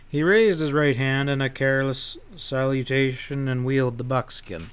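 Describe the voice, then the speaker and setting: A man reading a western novel aloud as an audiobook narrator, in steady storytelling. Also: mid-range voice, normal speed, few pauses, clean tone.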